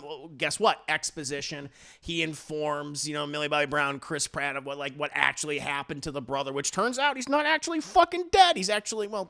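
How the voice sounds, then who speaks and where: A man giving a casual, profane movie review on a live stream, animated and slipping into mock voices for the characters. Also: fairly high pitch, vocal fry. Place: home streaming setup. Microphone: desk mic on a live stream.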